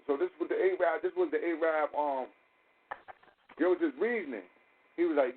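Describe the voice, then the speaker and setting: A man's voice: fairly high pitch, normal speed, long pauses. A man hosting a podcast, telling stories in a loose, profane way and acting out other people's lines as he goes. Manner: loose, profane storytelling with quoted dialogue. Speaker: podcast host. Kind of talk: casual podcast talk. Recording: tinny phone-like audio with faint hiss.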